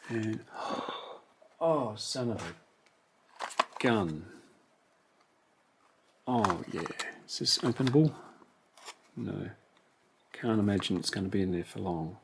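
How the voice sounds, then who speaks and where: A man unboxes toy cars, musing over each one in relaxed commentary to himself. His lowish voice is animated yet slow, with vocal fry and frequent pauses, and the background is noisy.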